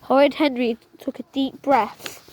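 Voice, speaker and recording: A woman reading a children's book aloud, lively and stumbling now and then over words. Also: sits high, unhurried, noisy background. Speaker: storytime reader.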